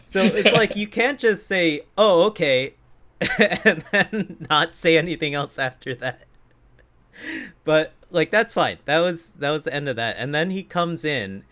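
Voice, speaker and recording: A man's voice: on the high side, expressive, unhurried, pushed and bright. A man co-hosting a podcast, telling a profane, laughing story about a rude customer in casual chat. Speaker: podcast co-host.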